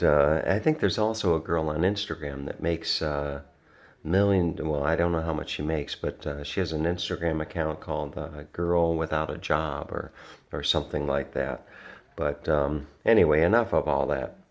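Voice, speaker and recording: Gravelly deep-voiced man telling a story. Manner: rambling, many restarts and fillers; earnest, reflective. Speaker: vlogger. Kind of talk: casual storytelling monologue.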